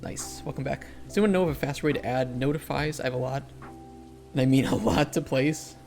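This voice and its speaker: A man's voice: mid-range voice, brisk, a little mellow, faint music behind. A man, an indie game developer, chatting casually on a livestream while he codes. He answers chat and often restarts his sentences.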